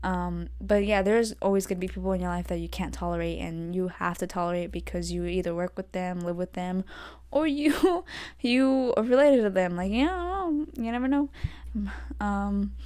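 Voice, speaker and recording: A young adult woman hosting her own podcast, rambling through a story with lots of fillers and getting animated when irritated. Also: mid-range voice, clear, resonant tone. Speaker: podcast host. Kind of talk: solo casual rant. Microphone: desk podcast mic.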